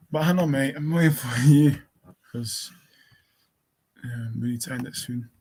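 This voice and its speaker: A man co-hosting a live stream in casual talk, calling out to a missing co-host and spelling out a link slowly. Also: medium pitch, steady tone, darkish tone. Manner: calls out repeatedly, spells slowly. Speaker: livestream co-host.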